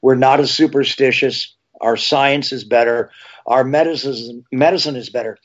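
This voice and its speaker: Man, interview guest, rambling anecdotes, animated, medium pitch, lo-fi sound. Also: normal speed. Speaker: actor and TV horror host as guest. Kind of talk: casual interview storytelling. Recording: slightly dull lo-fi sound.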